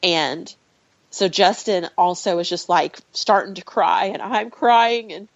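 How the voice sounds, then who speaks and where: A woman guest on a podcast, retelling a personal story in an animated, emotional way and laughing often. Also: on the low side, measured pace, no room sound, dull audio.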